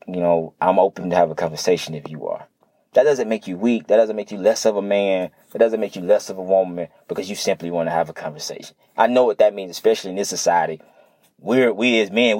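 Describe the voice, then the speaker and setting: Young guy talking straight to you about getting along, low voice, dry close sound, kinda repeats himself. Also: a little mellow, no echo. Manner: earnest, repetitive, conversational street slang. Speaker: motivational speaker. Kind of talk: unscripted motivational monologue.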